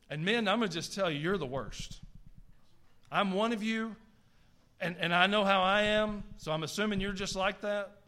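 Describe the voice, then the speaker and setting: A man's voice: high voice, normal speed, bright, forceful tone. A middle-aged man with a Southern US accent, preaching a sermon as pastor, emphatic and folksy. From American South.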